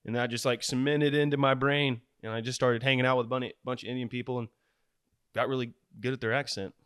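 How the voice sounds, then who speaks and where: A man's voice: mid-range voice, fairly even intonation, fast talker, fairly bright tone, smooth. A man hosts a casual podcast chat in a loose, rambling way, with plenty of 'uh' and 'like'. His voice sits mid-range and sounds dry and close, with no room echo. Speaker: podcast host.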